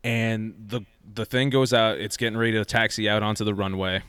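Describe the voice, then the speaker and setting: A man in casual podcast chat, telling an animated story and acting out what people said. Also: fairly low pitch, brisk, smooth, no echo. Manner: animated storyteller, acts out quoted lines.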